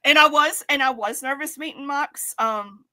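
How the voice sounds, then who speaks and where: Woman, co-host, casual chat, excitable, giggly, bright tone, slightly high voice. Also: normal speed. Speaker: podcast co-host.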